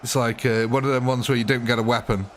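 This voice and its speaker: A man's voice: medium pitch, flat delivery, fast, fairly bright tone, slight background noise. A British man with a mid-range voice chats casually on a gaming live stream. He jokes a lot and answers viewers by name. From Britain. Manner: joking, chatty, answers chat by name. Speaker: game streamer.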